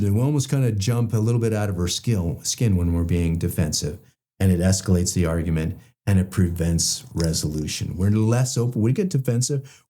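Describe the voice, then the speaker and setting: Deep mellow-voiced male psychologist. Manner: conversational, many "you know" fillers, acts out quoted examples. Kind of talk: explanatory talk on relationships.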